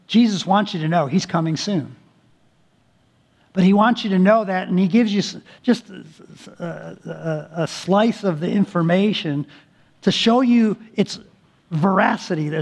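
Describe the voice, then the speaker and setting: A male pastor preaching a sermon, earnest and emphatic, stretching key words slowly and restarting phrases often. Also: high voice.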